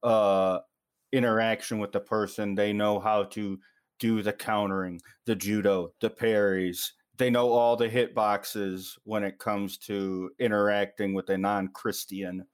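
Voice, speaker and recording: A man in casual podcast talk, working through his thoughts with many fillers and restarts. His voice sits on the low side, and he swears freely. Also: little pitch movement, measured pace, clear, resonant tone. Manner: rambling, profane, lots of fillers. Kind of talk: casual chat.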